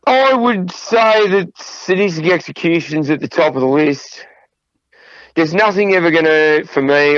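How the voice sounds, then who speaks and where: A middle-aged man recounts wild tour stories, swearing freely and laughing, his voice sitting a little higher than most men's. The sound is dry and close, with a dull, muffled lo-fi edge. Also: a bit bright, no echo. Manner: profane, laughing anecdotes. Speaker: podcast guest, drummer. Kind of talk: casual storytelling interview.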